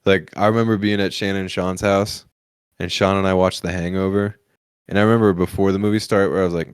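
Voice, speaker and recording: A man's voice: low voice, little pitch movement, fast, smooth, no room sound, clean studio sound. A man hosting a comedy podcast, telling crude, profane stories in casual chat and laughing often as he talks.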